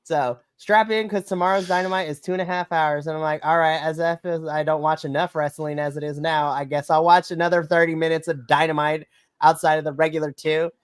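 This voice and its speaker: A woman, co-hosting a wrestling podcast in an excited chat, gushing and bursting into shrieks and laughter. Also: sits low, fairly quick, smooth, dry recording. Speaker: podcast co-host. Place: home setup on a live stream call.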